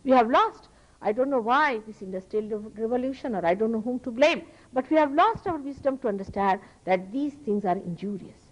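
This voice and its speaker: A woman from India with an Indian accent, giving an earnest, emphatic spiritual lecture as a teacher to an audience, with pauses and restarts. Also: fairly high pitch, lively intonation, highs cut off.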